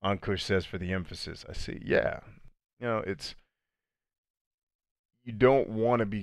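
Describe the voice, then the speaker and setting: A man life coach chatting casually on a livestream, reading viewer comments and answering them. He talks in animated fast bursts that slow into a deliberate cadence. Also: lowish voice, no room sound, studio quality. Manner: conversational, addresses viewers as friends and dude.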